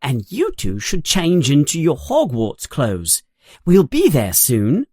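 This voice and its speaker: A narrator voicing a bossy, fast-talking know-it-all schoolgirl in a children's story, pitching the voice higher. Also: huge pitch swings, mellow, husky, no room sound, exaggerated voice. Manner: quick and bossy.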